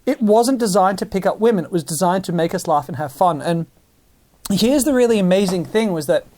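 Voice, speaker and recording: A man, possibly, telling stories in a casual monologue, animated and full of restarts. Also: high voice, a little fast. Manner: animated storytelling with many restarts.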